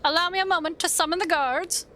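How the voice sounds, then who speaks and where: A woman's voice: extremely high pitch, fast, pushed and bright, a little hiss or hum, voice pushed up. A woman reading the lines of a stern faction official in a fantasy game, formal and solemn.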